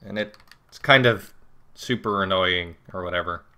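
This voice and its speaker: Bright-voiced, profane let's play commentator. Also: male voice, sits low, normal speed, clean tone. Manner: profane, joking, animated outbursts. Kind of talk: casual game commentary, reading dialogue aloud.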